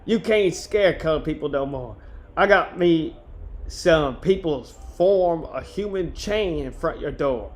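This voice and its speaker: A man's voice: a little high, animated, a little slow. Man reading as a mocking, defiant janitor in a put-on accent, pushy and raised. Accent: put-on dialect accent.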